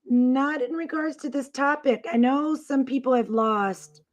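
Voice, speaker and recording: A woman co-hosting a casual talk show, reading out viewer comments in a supportive, steady way. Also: high-pitched, unhurried. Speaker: co-host.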